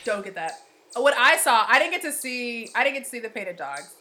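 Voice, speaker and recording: A woman co-hosting a podcast, telling zoo stories in an animated, laughing way. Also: fairly high pitch, fairly quick. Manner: animated storyteller, laughing often. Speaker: podcast co-host. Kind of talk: casual chat.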